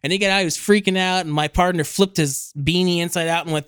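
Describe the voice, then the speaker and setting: Young male podcast co-host, high pitch, animated storyteller who swears and acts out quotes. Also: quick pace, clear, resonant tone, no echo, clean studio sound. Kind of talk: casual chat.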